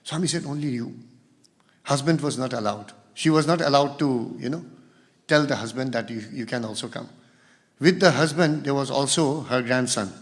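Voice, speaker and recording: A man's voice: medium pitch, normal speed. A man giving a spiritual talk as guest speaker, telling stories and acting out the quoted dialogue. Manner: storytelling, acts out quoted dialogue. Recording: long hall reverb.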